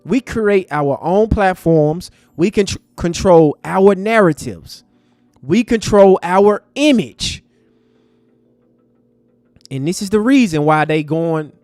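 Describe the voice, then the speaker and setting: Impassioned high-voiced male livestream host. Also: a little mellow, dry recording. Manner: impassioned, preachy, talks to chat as family. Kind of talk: livestream commentary.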